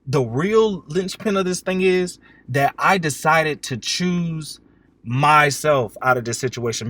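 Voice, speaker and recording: A young man hosting a podcast, telling a casual dating story with jokes and swearing, acting out his text exchanges in lively voices. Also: a little high, dry recording. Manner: animated, jokey, swears freely, acts out text exchanges. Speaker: podcast host.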